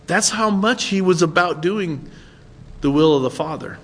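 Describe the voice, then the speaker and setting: Male pastor, fairly high voice, chatty sermon delivery, long hall reverb. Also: moderate pace, fairly bright tone. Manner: conversational, asks listeners "right?".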